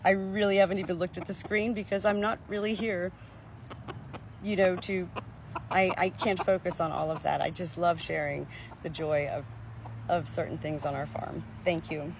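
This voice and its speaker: Woman, casual livestream chat, chicken keeper, outdoors at coop, phone audio, clucking clearly behind. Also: on the low side, fairly even intonation, normal speed, slight background noise. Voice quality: chatty, laughs often.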